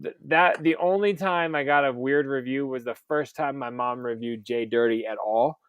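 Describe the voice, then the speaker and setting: A man's voice: mid-range voice, normal speed, clear, resonant tone, no room sound. A man co-hosting a live stream show, telling funny stories casually with laughter and swearing. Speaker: podcast co-host.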